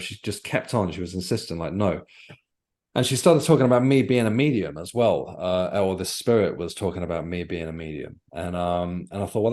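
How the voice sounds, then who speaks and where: A man with a very low, deep voice, speaking as a guest author on a podcast. He tells his story in a reflective, earnest way and often stops to search for the right words. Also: a little mellow. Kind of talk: podcast interview, personal storytelling.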